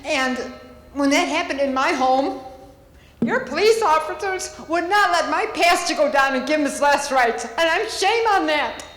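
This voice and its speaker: A woman's voice: sits high, lively intonation, moderate pace, a bit bright. A grieving woman speaking at a public meeting, tearful and angry, her voice breaking as she talks. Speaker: public commenter. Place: village board meeting hall. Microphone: podium microphone. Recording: echoey hall, long reverb.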